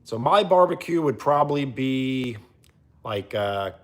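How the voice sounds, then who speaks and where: A man live streaming, chatting casually and answering viewers' comments in an animated, teasing way. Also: unhurried. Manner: animated, teasing, often jumping higher in pitch.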